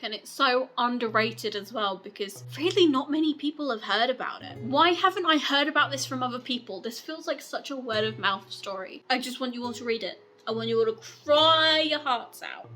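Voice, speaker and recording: A woman's voice: on the high side, moderate pace, hardly any pauses, pushed and bright, soft background music. A woman book vlogger giving casual recommendations, gushing and rambling in a chatty way with frequent laughs.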